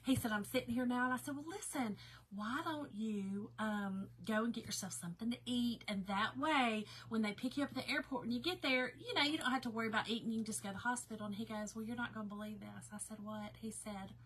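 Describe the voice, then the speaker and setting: Woman, casual chatty vlog talk, emotional, bright higher voice. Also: fast talker, slight background noise, low-quality recording. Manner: chatty and emotional, addressing viewers as y'all. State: tearful at times. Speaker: craft seller and storyteller. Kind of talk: casual chat to viewers.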